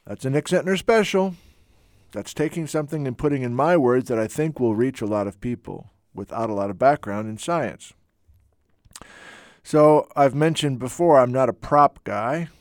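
A man teaching geology in a lively lecture, chatty and self-deprecating, with playful asides. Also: mid-range voice, no echo, studio quality. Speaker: geology instructor. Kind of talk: enthusiastic lecture.

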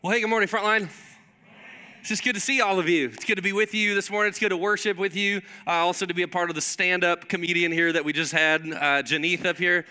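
A man preaching a sermon to his congregation, telling a family story in a lively, animated way. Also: sits high, fast talker, smooth. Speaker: pastor.

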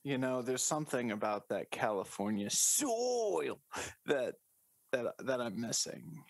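A man riffing through an improvised comedy podcast bit, keeping a deadpan tone while he stacks up wordplay. His voice sits at an ordinary pitch. The recording is dry and close, with no room sound. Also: normal speed, no echo. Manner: spins absurd running bits with deadpan wordplay.

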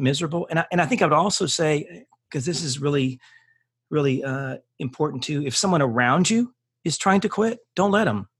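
A man's voice: on the high side, breathy edge, dry recording, clean studio sound. A man speaking as a podcast guest, earnest and heartfelt, often restarting and repeating words for emphasis, then leading a closing prayer.

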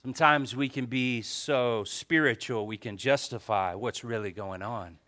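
A male pastor preaching a sermon, telling a story with animated swings between soft asides and loud exclamations. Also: mid-range voice, unhurried.

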